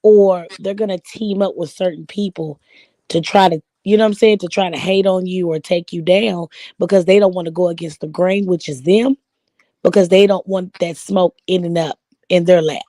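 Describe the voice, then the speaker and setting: A woman's voice: fairly low pitch, steady tone, moderate pace, warm tone, no echo. A woman guest on a casual live stream, speaking in an assertive, emphatic way. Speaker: guest commentator.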